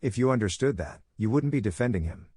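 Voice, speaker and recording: A man's voice: medium pitch, expressive, quick pace, a little mellow, husky, dry recording, studio quality. Blustering bully uncle, read by a man. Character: fat, bullying middle-aged uncle.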